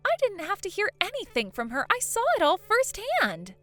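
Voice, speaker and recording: A woman voicing an excitable teenage granddaughter in a voiced story drama, chatty and blunt. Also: extremely high pitch, moderate pace, soft background music, heavily acted. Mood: reproachful.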